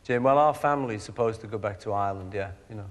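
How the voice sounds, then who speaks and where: A man's voice: on the low side, fast. A man guesting on a television chat show, chatting in a jokey, casual way. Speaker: guest musician. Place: television studio. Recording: studio reverb.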